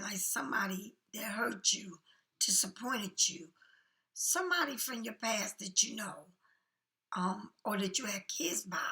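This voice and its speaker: A woman giving a casual tarot reading, talking softly and often half-whispering in a chatty, reassuring way, a little tired. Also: medium pitch, vocal fry. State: yawning, tired. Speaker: tarot card reader.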